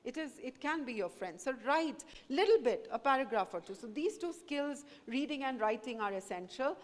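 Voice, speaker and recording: A woman's voice: high voice, lively intonation, normal speed. Earnest woman speaker in an echoey hall. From India. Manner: earnest, encouraging, mixes Hindi into English. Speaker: guest speaker, professor. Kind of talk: talk to students. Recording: echoey hall with long reverb.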